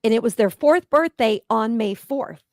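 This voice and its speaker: A woman's voice: fairly high pitch, expressive, normal speed, a little mellow, dry recording, clean studio sound. A woman co-hosting a casual chat, wry and teasing in how she talks. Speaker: co-host.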